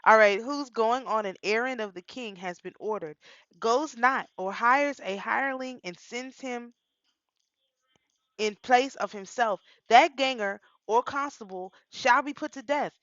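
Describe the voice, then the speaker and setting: A woman's voice: fairly high pitch, measured pace, fairly bright tone, no echo. A woman, reading statutes aloud and breaking off into emotional asides. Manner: reads statutes then reacts with emotional asides. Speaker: reader and commentator. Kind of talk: reading a law code aloud with commentary. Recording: dry, dull lo-fi sound.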